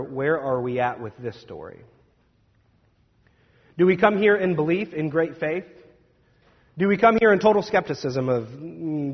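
A slightly high, husky male pastor preaching in a church sanctuary, his voice carried by a long reverb. He reads scripture and tells family stories in a loose, conversational way. The sound is a little dull and lo-fi. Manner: conversational storytelling with laughs. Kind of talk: scripture reading and Easter sermon.

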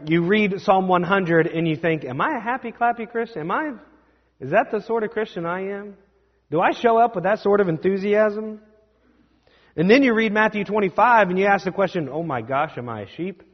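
Young guy pastor, slightly high voice, chatty self-deprecating sermon, dull recording. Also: long reverb tail. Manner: conversational, self-deprecating, quick asides.

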